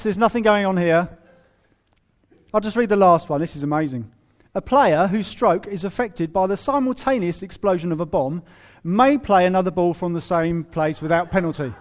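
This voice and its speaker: A man preaching a sermon in a humorous, animated way, acting out quoted voices. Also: sits high. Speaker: pastor.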